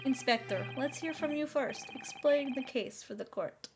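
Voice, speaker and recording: Lady reading a stern old judge, measured and formal, music in the back. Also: high voice, lightly acted. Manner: measured, authoritative.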